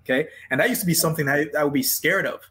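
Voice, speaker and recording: A man's voice: on the high side, rapid-fire, a bit bright, low-quality recording. A man with a Jamaican accent, a business coach talking earnestly and emphatically as a guest in a casual interview, often repeating phrases.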